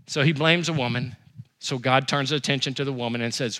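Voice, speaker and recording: A man preaching a sermon as pastor, with emphatic repetition and quick rises and drops. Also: medium pitch, fairly bright tone.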